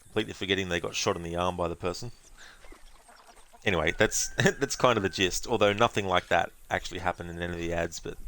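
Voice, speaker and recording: A man's voice: low voice, steady tone, fast, pushed and bright. A man streaming a game, chatting casually and rambling to his viewers. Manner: chatty, rambling, thanking viewers, breaks into silly voices and laughs. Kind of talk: casual live-stream chat.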